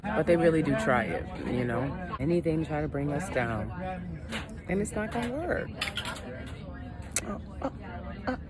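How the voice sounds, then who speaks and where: A low-voiced woman giving a candid, casual vlog monologue, animated and quick to laugh. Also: over a noisy crowd. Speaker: vlogger.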